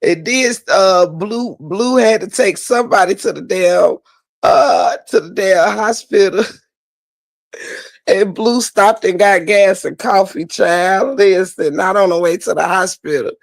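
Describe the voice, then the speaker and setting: A man recapping last night for his viewers in an unhurried, gravelly drawl, breaking into tearful laughter over and over. His voice sits high, and the sound is close and dry. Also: dry recording. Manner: laughing hard, crying with laughter, drawling Southern slang. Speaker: host.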